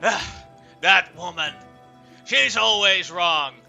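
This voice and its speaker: A man playing a loud, boasting fantasy king. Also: high voice, slow, creaky, voice pushed up, full character voice. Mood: boastful. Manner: loud, gloating, bellowing laughter. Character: boastful arrogant human male king. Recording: live stream with music behind.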